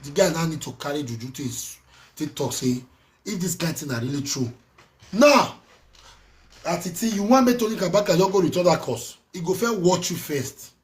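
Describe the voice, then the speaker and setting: A man with a Nigerian Pidgin English accent, scolding and ranting in a heated monologue with swings between loud and soft. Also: fairly high pitch, lively intonation, normal speed. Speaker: social media commentator.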